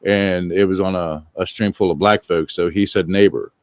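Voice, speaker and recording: A man's voice: deep voice, fairly even intonation, moderate pace, dry recording. A man from Scandinavia chatting casually on a stream, telling rambling stories and swearing freely. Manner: rambling storyteller, swears casually, acts out quotes. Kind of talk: casual chat.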